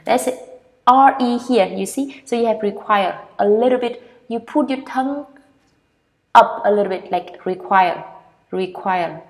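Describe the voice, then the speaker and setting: A native Vietnamese speaker, a woman with a Vietnamese accent and a fairly high voice, gives an English pronunciation lesson. She repeats each word, stretching the vowels out.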